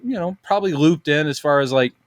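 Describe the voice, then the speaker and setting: A man's voice: a little high, fast talker, no echo, clean studio sound. A middle-aged man co-hosting a casual podcast, telling stories animatedly and acting out quotes in different voices. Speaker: podcast co-host. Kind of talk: casual chat.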